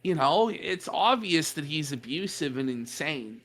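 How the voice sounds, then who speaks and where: A woman's voice: sits low, animated, measured pace. A woman co-hosting a livestream, talking in a mocking, scornful and emphatic way. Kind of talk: heated commentary on a livestream.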